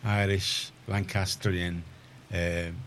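A Liverpool man with a very low voice hosts a community radio show. He chats in a rambling way, often restarting his sentences. A faint hiss sits under the studio sound. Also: flat delivery, drawn-out words, fairly bright tone. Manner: chatty, rambling, self-correcting. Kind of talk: casual radio chat.

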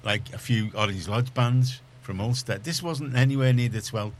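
A man's voice: medium pitch, normal speed, a little hiss or hum. A middle-aged man, chatting on a radio panel in a rambling, storytelling way full of restarts. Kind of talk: casual radio discussion.

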